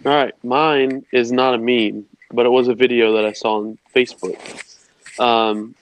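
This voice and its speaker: A man's voice: medium pitch, steady tone, normal speed, slight background noise, low-quality recording. A young man co-hosting a podcast, explaining something step by step in a friendly, casual way. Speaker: podcast co-host. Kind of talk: casual chat.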